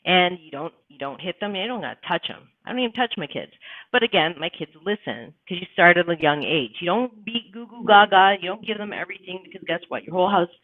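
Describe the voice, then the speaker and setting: A woman's voice: lowish voice, animated, fast talker, dry recording. A woman hosts a casual live stream, blunt and emphatic, swearing freely as she makes her points. Her voice comes through thin and phone-like. The sound is dry, with no room around it. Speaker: livestream host.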